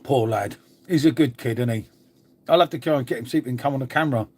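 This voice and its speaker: Husky and fast, with a medium pitch, a middle-aged man runs a relaxed live stream, going through comments. He talks bluntly to viewers, swears liberally, and keeps calling them "mate."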